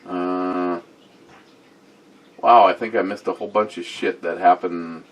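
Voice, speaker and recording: A man's voice: low-pitched, steady tone, unhurried. Rambling man reviewing beer on camera. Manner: rambling, off-the-cuff, with many fillers; reads viewer comments aloud. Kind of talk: casual beer review vlog.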